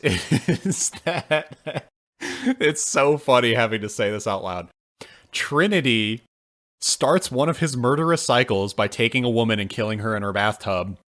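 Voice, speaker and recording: A man co-hosting a podcast, chatting casually and ranting with swearing and sudden jumps in pitch. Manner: animated, profane ranting with big pitch jumps. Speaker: podcast co-host. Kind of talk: casual podcast review chat.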